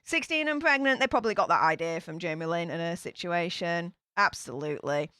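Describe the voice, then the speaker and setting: A woman's voice: lowish voice, fairly quick, sharp tone, smooth, no room sound. A young woman with a Yorkshire accent hosting her channel, chatting casually as she reads viewer comments aloud. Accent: Yorkshire English. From Yorkshire, England. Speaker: YouTube channel host. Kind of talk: casual livestream chat reading comments.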